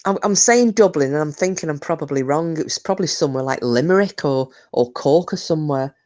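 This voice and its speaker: A woman with a notably low voice talks loosely to her live chat. She rambles from one thought to the next, doubling back on her words. It sounds like a relaxed home stream on a computer mic. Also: fairly quick. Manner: chatty, rambling, many restarts and fillers. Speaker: livestream host. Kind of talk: casual chat with live viewers.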